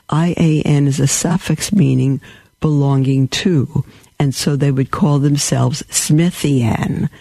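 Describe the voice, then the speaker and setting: A man delivers a teaching sermon in a gravelly, mellow voice. He explains words slowly and repeats the key ones. The sound is dry and close. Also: dry recording. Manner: teaching, repeats key words, rises high when quoting. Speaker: Catholic preacher.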